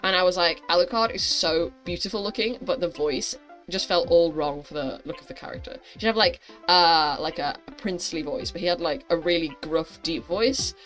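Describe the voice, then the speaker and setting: A woman's voice: sits low, moderate pace, fairly bright tone, faint music behind. A woman hosting a gaming channel, reading a story game aloud with chatty, giggly asides.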